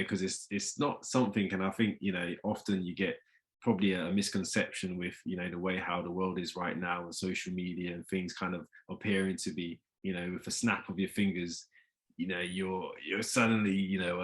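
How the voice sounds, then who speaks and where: A man's voice: low-pitched, level tone, fairly quick, fairly bright tone. A man hosting an interview, asking long rambling questions full of fillers. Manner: rambling with many "you know" fillers. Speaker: host. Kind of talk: podcast interview.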